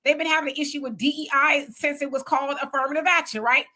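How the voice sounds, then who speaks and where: A woman hosting a live commentary stream with a high, bright voice. She talks loosely and conversationally, firing off emphatic rhetorical questions one after another. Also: fairly even intonation, quick pace. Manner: loose conversational street talk. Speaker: commentary host. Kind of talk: livestream commentary.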